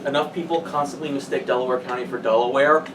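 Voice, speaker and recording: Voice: mid-range voice, fairly even intonation, fast talker, lightly acted. A performer playing a weary, rambling school-play organizer in an improv scene, heard from a distance over room noise.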